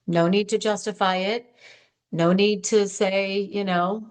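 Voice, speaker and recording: A woman hosting an advice podcast, talking in a chatty, animated way straight to her listeners. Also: mid-range voice, unhurried. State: hopped up on sugar. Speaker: podcast host. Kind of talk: upbeat advice podcast monologue.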